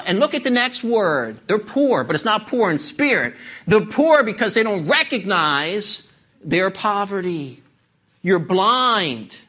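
A man's voice: high voice, pushed and bright. A man preaching a sermon, building to passionate, urging calls with rhetorical questions. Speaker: pastor.

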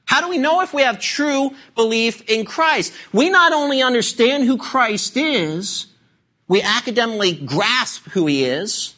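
A male pastor delivers a sermon in a bright, ringing voice. His pitch swoops up and down as he stacks rhetorical question on rhetorical question. His delivery is emphatic throughout. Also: expressive, unhurried.

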